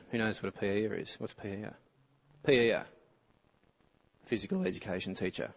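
A man's voice: fairly low pitch, brisk, vocal fry, pauses often. A man with an Australian accent giving an informal sermon as a preacher, chatty and asking his audience questions. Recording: muffled lo-fi recording.

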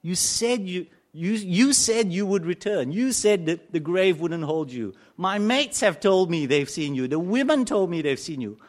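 Preacher playing remorseful disciple, pleading and exclaiming, pitch leaps high. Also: male voice, animated, measured pace, few pauses. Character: Thomas, remorseful adult male disciple.

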